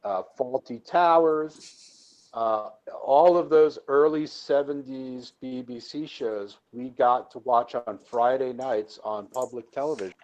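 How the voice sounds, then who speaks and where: A man's voice: mid-range voice, slow, darkish tone, dull audio. A man chatting casually on a live call, enthusiastic and prone to repeating words as he starts a thought. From United States.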